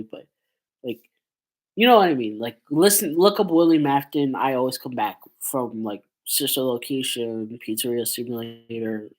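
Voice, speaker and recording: Stuffy-nosed from a cold, a male YouTuber rambles through a casual commentary vlog packed with fillers. His voice is medium-pitched, and the audio quality is poor.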